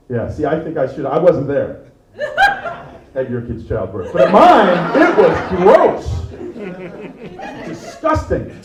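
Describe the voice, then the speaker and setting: Middle-aged male comic, lively crowd-teasing delivery; slightly high voice, distant in an echoey venue. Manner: animated, jokey, teasing the crowd. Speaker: stand-up comedian. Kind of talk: stand-up comedy set. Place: comedy venue with live audience. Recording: echoey room, mic far off.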